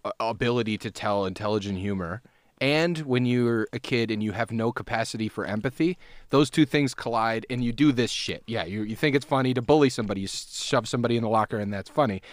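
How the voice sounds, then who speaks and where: A man co-hosting a casual podcast chat, relaxed, reading facts aloud in a conversational way. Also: medium pitch, fast talker, no echo. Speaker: podcast co-host.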